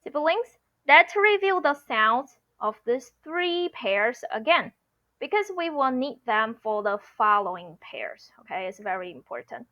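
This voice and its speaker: Slow, patient woman teaching pronunciation. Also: fairly high pitch, very animated, muffled recording. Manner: slow, patient, repeats sounds in drills. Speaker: Mandarin teacher. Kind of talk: pronunciation lesson.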